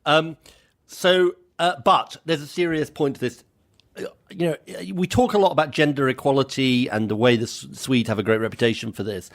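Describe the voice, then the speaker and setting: A man's voice: medium pitch, normal speed. A man from Britain co-hosting a podcast, telling an anecdote in a chatty way with many restarts. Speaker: podcast co-host. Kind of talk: casual chat.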